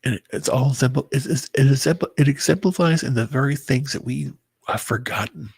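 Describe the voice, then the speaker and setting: A very tired man talking to his viewers in a halting personal monologue, often stumbling and restarting his words. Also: medium pitch, creaky, darkish tone, breathy edge, dry recording. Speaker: vlogger. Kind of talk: rambling personal monologue to camera.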